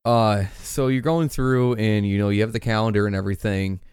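Male interviewer, low smooth voice, loose rambling questions, dry close mic. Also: fairly quick, dry recording. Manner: relaxed, rambling, many fillers. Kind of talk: casual interview chat.

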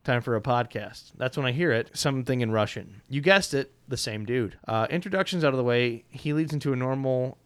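A man tells a first-person story aloud in a wry, conversational voice. His tone is smooth and resonant and sits at an ordinary pitch. He often says uh and now and then trips over a word. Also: fairly quick, hardly any pauses, a bit bright. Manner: wry, conversational, frequent filler "uh" and small stumbles. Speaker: narrator reading a personal story.

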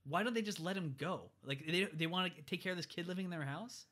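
A man casually recapping a movie with a co-host, animated and acting out characters in exaggerated voices. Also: high voice, quick pace. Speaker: podcast co-host.

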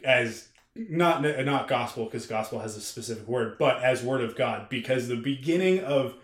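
A man's voice: mid-range voice, moderate pace. A man co-hosting a podcast, explaining at length in casual chat, with many restarts. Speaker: podcast co-host. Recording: roomy echo.

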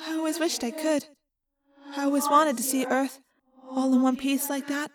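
A woman voicing a gentle, caring teenage girl who speaks softly and earnestly. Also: high voice, steady tone, normal speed, background noise, voice pushed up, natural voice. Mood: wistful.

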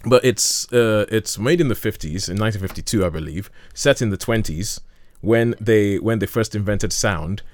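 A man's voice: on the low side, normal speed, few pauses. A man chatting casually about films as a host, enthusiastic and rambling, with frequent restarts. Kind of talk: casual film chat.

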